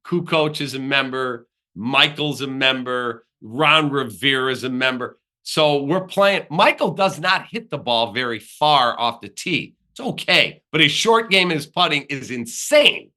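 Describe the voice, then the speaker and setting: A man who is a podcast guest, telling animated sports stories and acting out the people he quotes, in a podcast studio. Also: medium pitch, measured pace, few pauses. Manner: lively storyteller who acts out the people he quotes.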